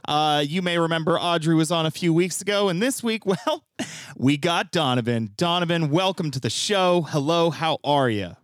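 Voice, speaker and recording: A man co-hosting a podcast, playful and quick to laugh in casual chat. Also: fairly high pitch, lively intonation, dry recording, clean studio sound. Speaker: podcast co-host.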